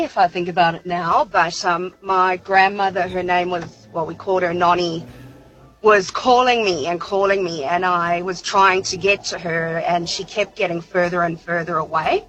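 A woman's voice: on the low side, steady tone, normal speed, a bit bright, highs cut off, soft background music. A woman, calling in to tell a personal story in a chatty way with many fillers. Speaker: caller. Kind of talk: telling a personal story on radio.

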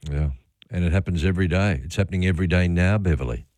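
Deep-voiced Australian radio host. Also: male voice, fast talker, no echo, clean studio sound. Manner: relaxed, rambling, chatty. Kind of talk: talkback radio chat. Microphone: studio microphone.

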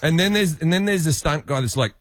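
A middle-aged man with an Australian accent, chatting as a radio guest. His pitch swings widely as he tells stories, acts out other voices and laughs often. The sound is dry and close. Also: animated, quick pace, no room sound. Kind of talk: casual radio chat.

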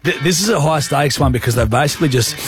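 A man's voice: fairly high pitch, fast talker, faint music behind. A man with an Australian accent hosting a radio show, laid-back and jokey in casual banter. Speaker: radio host.

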